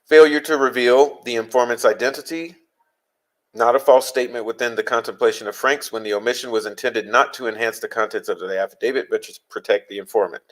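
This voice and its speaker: A man acting as a legal commentator, reading legal passages aloud and explaining them deliberately, stressing key phrases. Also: mid-range voice, steady tone, fairly bright tone, poor audio.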